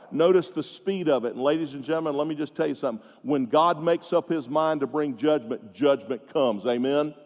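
A man's voice: fairly high pitch, a little mellow, dull audio. Preaching man in an echoing hall. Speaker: pastor. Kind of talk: sermon.

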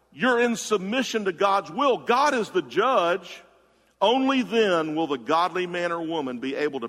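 A man preaching a sermon in a conversational style, swinging between loud emphatic bursts and hushed low asides to the congregation. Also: long reverb tail. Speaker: pastor.

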